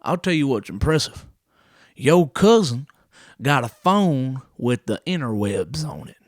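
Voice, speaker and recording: A boastful older country uncle who drawls his brags, as a comedian puts him on. The voice sits above the comedian's own and is pushed loud. The room sound is dry. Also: mid-range voice, no echo, lightly acted.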